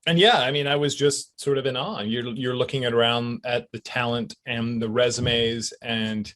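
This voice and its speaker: A middle-aged Canadian man, an actor, chatting in an interview in a relaxed, reflective way with chuckles and fillers. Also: medium pitch, normal speed, few pauses. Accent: Canadian English. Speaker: actor guest. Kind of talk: casual interview chat.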